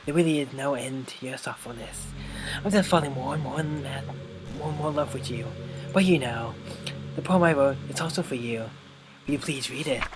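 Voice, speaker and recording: A man voicing an obsessive, lovestruck young woman from a video game in a soft, slightly menacing tone, with game music behind. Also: medium pitch, moderate pace, close to an everyday voice, poor audio. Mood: affectionate. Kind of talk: reading game dialogue aloud.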